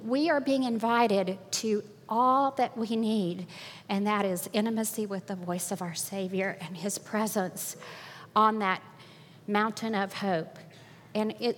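An older woman giving an earnest, sermon-style talk with slides, telling stories with a laugh, in a hall with long reverb. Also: mid-range voice. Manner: earnest, preachy storytelling with laughs.

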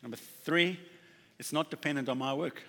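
A man preaching a sermon, talking casually and emphatically, often acting out quick bits of dialogue and repeating key words. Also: fairly high pitch, a bit bright, a little hiss or hum. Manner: conversational preaching with acted-out dialogue and emphatic repetition. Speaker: pastor. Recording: reverberant hall.

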